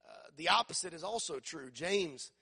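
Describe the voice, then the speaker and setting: Gravelly-voiced man preaching emphatically. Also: a little high, animated, normal speed, pushed and bright. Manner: emphatic, call-and-response preaching with repeated phrases. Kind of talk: sermon.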